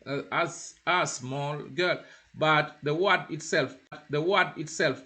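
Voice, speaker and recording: A man gives a beginner French lesson in a slightly higher voice than most men. He speaks haltingly and repeats himself often. He slows right down when he models a phrase for the listener to say back. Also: sharp tone. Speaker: French teacher. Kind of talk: informal spoken lesson.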